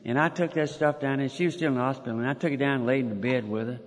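A man's voice: medium pitch, steady tone, rapid-fire. An older man, telling a personal story in a folksy way, chuckling and restarting as he goes. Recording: long hall reverb.

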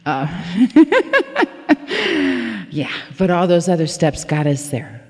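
Middle-aged woman, low-ish voice, candid personal testimony, laughs at herself, reverberant hall sound. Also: takes it slowly, mellow. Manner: candid, laughing, self-mocking storytelling. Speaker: recovery meeting speaker.

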